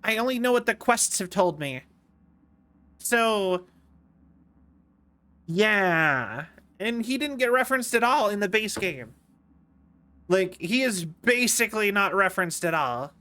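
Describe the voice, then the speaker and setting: In a high, expressive voice with a sharp tone, a young man chats casually while streaming a game, a little slow and pausing often. He rambles playfully, repeatedly interrupting himself mid-thought.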